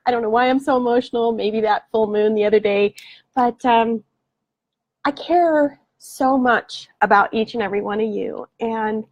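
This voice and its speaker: A woman's voice: on the high side, darkish tone, no echo. Effusive woman coach hosting a live stream. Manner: effusive and affectionate, blows kisses. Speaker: spiritual awakening coach. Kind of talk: live stream chat answering viewer comments.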